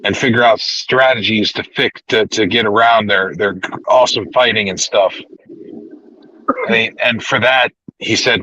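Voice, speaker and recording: Bright-voiced man in casual wrestling chat. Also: lowish voice, moderate pace, breathy edge, no echo. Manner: rambling, animated retelling with restarts. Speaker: podcast host. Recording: dull lo-fi recording, dry.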